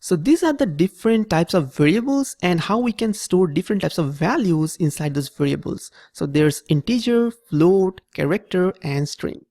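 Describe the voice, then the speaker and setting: A man's voice: high-pitched, lively intonation, moderate pace, few pauses, mellow, no echo, studio quality. A man teaching programming in a screen-recorded tutorial, patiently repeating each step and checking in with "okay?". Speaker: programming instructor.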